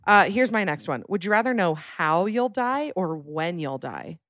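A woman's voice: on the low side, lively intonation, fairly bright tone, dry recording, clean studio sound. A woman hosting a podcast, bubbly and chatty, talking casually with her partner. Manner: bubbly, chatty, quick bursts. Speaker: podcast host. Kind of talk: casual chat.

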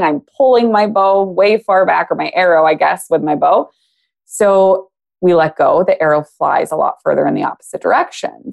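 Gravelly-voiced woman explaining with analogies. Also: on the low side. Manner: explains with analogies, acts out quotes. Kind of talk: casual podcast conversation.

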